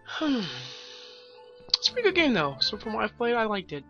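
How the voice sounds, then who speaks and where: A young man rambles through a let's play, sarcastic and quick to swear. His voice is bright and sharp, and the recording sounds dull and muffled. Faint game music runs underneath. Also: extremely high pitch, wildly swooping pitch. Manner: joking, swears often, rambling. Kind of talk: profane sarcastic game commentary.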